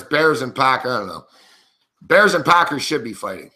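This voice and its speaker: A man's voice: mid-range voice, very animated, a little slow, bright, forceful tone. A man hosting a sports betting show, giving live game commentary in an angry, profane, indignant rant.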